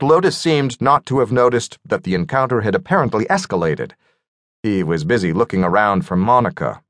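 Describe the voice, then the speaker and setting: A man reading an audiobook in expressive scripted narration. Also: lowish voice, no room sound, studio quality.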